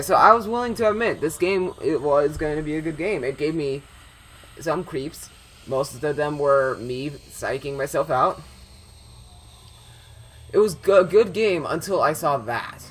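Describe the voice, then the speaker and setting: A man's voice: a little high, a bit bright, a little hiss or hum. A young man commentating a horror game he is playing, rambling with lots of fillers and restarts, easily startled. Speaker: gameplay commentator.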